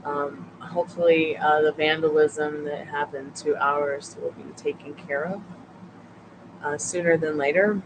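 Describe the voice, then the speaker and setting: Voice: medium pitch, steady tone, unhurried, noisy background. A tarot reader hosting a casual late-night live stream from a couch at home, chatting with viewers and the dog, sleepy and yawning.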